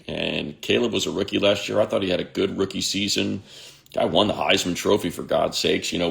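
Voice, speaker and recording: A man's voice: deep voice, gravelly, fairly bright tone. A man in his fifties, a sports radio host, chatting casually on a livestream and reading viewer comments aloud in a rambling way.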